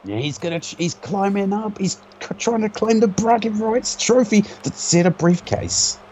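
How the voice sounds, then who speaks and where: A man's voice: high-pitched, lively intonation, normal speed, a little mellow, a little hiss or hum. A man doing joking, casual play-by-play commentary, sarcastic and swearing freely.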